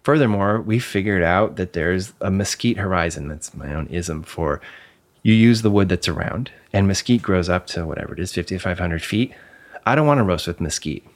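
A man with a notably low, deep voice talks as a guest in easygoing conversation. He is candid and emphatic, drops the odd swear word, and doubles back on words while he works out what to say. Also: normal speed. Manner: repeats words as he searches for phrasing. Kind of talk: casual conversation.

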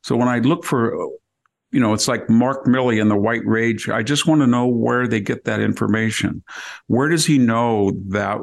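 A man's voice: medium pitch, normal speed, gravelly. A man giving argumentative opinion commentary on a podcast, firing off rhetorical questions and often restarting his sentences. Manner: frequent restarts and self-corrections. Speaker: podcast regular.

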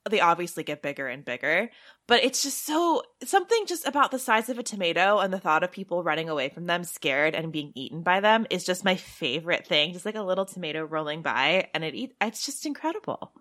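Lively, excitable woman chatting about movies. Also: on the low side, brisk. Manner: enthusiastic, laughs often, swears casually. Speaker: podcast co-host. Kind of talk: casual movie discussion.

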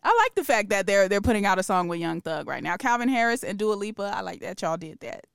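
A relaxed woman co-hosting a music news podcast, easygoing and slangy in her delivery. Her voice is smooth and clear, recorded dry and close on a studio mic. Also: medium pitch, quick pace, no room sound. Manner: relaxed, laughs easily, slangy. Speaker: podcast co-host. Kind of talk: casual news chat.

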